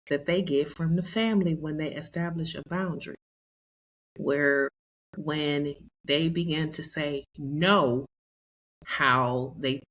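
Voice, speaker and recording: A woman in her fifties with a low, deep voice speaks. She hosts a podcast and tells a personal story in a candid, emotional way, acting out what people said. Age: 50s. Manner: candid and emotional, with laughs and quoted dialogue. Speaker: podcast host.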